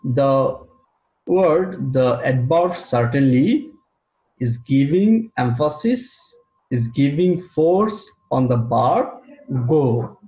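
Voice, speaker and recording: A man teaching an English grammar lesson, speaking slowly and deliberately and repeating key terms for his students. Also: mid-range voice, lively intonation, dark tone. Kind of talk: recorded classroom lecture. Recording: roomy echo.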